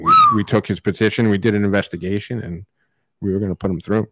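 Man, podcast co-host, matter-of-fact storytelling, low voice. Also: fairly even intonation, fast, slight background noise. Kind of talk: casual storytelling chat.

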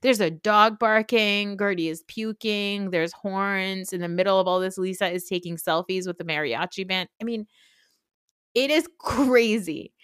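A woman hosts a podcast, recapping reality TV in a casual, gossipy way. She talks animatedly and swears freely. Her voice sits at a middle pitch, recorded dry and close with no room sound. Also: a little slow, a bit bright, clean tone, dry recording. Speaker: podcast host.

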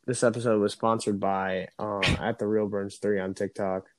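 A man's voice: on the low side, level tone, no room sound. A young man hosting a podcast in casual banter, ranting and swearing in a grumbling way. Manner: profane, grumbling, quick to rant. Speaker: podcast host. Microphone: recorded over a phone or call.

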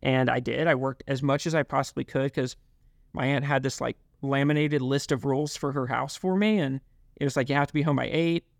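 Halting soft-spoken man, dry sound. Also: medium pitch, fairly even intonation, gravelly, dry recording. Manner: halting, many fillers and restarts. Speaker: guest. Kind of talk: reflective interview talk.

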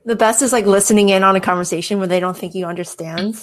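A woman's voice: medium pitch, fairly even intonation, fast, a crowd in the background. A woman on a casual panel chat, chiming in with brief, upbeat remarks.

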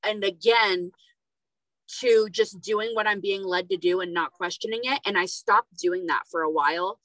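A woman's voice: medium pitch, moderate pace, fairly bright tone, no echo, low-quality recording. A woman hosting a casual podcast conversation, talking in a rambling, hesitant way with many fillers. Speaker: podcast host.

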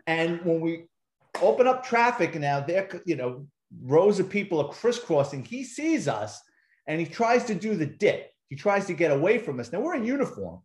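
A middle-aged man, a retired police detective, tells story after story in a relaxed, chatty way. He acts out the other people's lines as he goes and swears casually. His voice sits a little high, and the room around him rings with echo. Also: normal speed. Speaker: interview guest, retired police detective and author. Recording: roomy echo.

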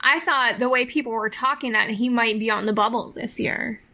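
A woman's voice: on the high side, moderate pace, sharp tone. A woman co-hosting a casual sports podcast, asking short follow-up questions. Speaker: podcast co-host.

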